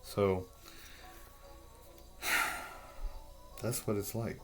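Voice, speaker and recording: A man explaining a drawing in a rambling, halting way, swearing often and restarting his sentences. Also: lowish voice, fairly even intonation, a bit bright, faint music behind. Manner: profane, halting, full of restarts.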